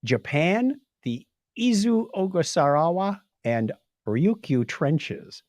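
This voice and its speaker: A man's voice: a little high, slow, no room sound, clean studio sound. A man co-hosting a podcast, casually recapping tech news and reading quotes out in playful voices. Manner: animated storyteller, reads quotes in playful voices. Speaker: podcast co-host.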